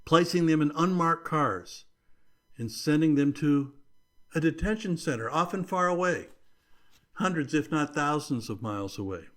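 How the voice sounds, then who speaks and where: A man hosting his leadership podcast, speaking in a deliberate, emphatic way with measured pauses. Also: a little high, lively intonation, fairly bright tone. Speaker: podcast host. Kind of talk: scripted leadership commentary.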